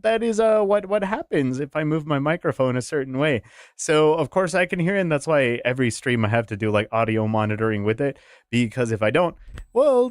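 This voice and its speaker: A man with a voice on the high side streams from home, chatting and animatedly telling stories with casual swearing and plenty of laughter. He's on a dynamic studio mic, with no echo.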